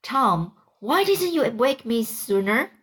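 A woman's voice: on the high side, big pitch swings, slow pace, fairly bright tone, husky, heavily acted. A woman voicing an anxious young boy in a storybook, pleading in a raised, fretful voice. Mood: alarmed.

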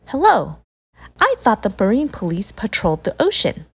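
Earnest, polite child hero, voiced by a woman: high and lively, with a husky edge. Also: normal speed, exaggerated voice. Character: polite thoughtful young child character. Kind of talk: storybook character voice.

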